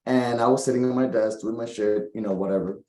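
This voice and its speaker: A middle-aged man, a spiritual coach, giving a tarot reading with animated, preachy storytelling and calling listeners baby. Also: medium pitch, quick pace. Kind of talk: casual tarot reading monologue. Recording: echoey room.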